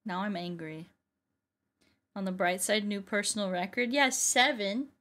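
Playful American woman streamer, slow drawl. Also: medium pitch, fairly bright tone. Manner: playful, swearing, sing-song exclamations. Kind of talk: casual gaming commentary.

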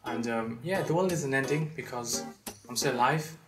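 A young man doing comedy sketches and a quick outro, excitable and joking. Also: mid-range voice, far from the mic, music in the background. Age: young adult. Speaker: YouTuber.

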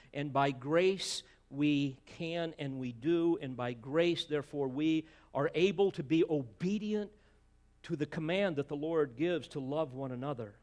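A man's voice: mid-range voice, darkish tone. A man preaching an expository sermon as pastor, emphatic, with rhetorical asides and repeated words as he presses a point.

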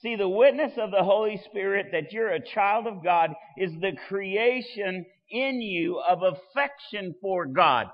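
A man preaching a sermon as pastor, swelling loud and dropping soft. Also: high-pitched, animated, measured pace, hardly any pauses, in a large hall, lo-fi sound.

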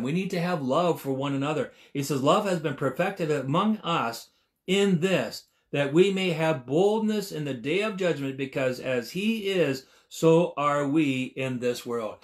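A man in his sixties delivers a sermon in a notably high voice. He leans hard on key phrases, repeating them for emphasis. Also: lively intonation, a little slow. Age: 60s. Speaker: preacher.

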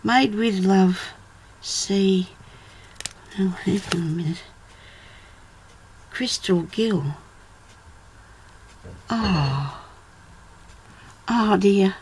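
A middle-aged woman talks her viewers through a parcel, unhurried and chatty, with frequent exclamations. Her voice has a gravelly, creaky edge. The home recording carries a noticeable hiss of background noise. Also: mid-range voice, darkish tone. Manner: chatty and exclamatory, thinks aloud. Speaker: video blogger opening a parcel. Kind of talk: casual unboxing chat.

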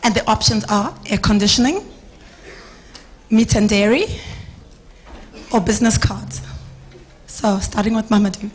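A woman moderating a conference panel with a hoarse, worn voice, talking in a relaxed, chatty way with filler ums. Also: mid-range voice, a little slow, pauses often, a little hiss or hum, rough recording. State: hoarse, losing her voice. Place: conference stage.

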